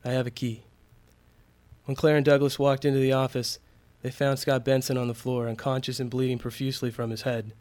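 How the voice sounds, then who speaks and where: Male storyteller, measured, suspenseful delivery, steady mid pitch. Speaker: narrator. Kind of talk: scripted story narration.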